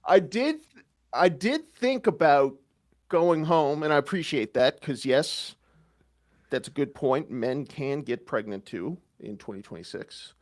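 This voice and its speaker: A man with a Canadian accent co-hosting a casual comedy podcast, rambling and deadpan, full of fillers and self-mockery. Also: a little high, a little slow. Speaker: podcast co-host.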